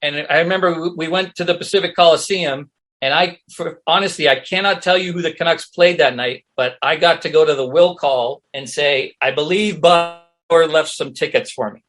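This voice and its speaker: A man's voice: fairly high pitch, brisk. A middle-aged man from Canada, a guest actor and comedian, telling casual anecdotes and acting out the voices of the people he quotes. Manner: animated storyteller who acts out quoted voices.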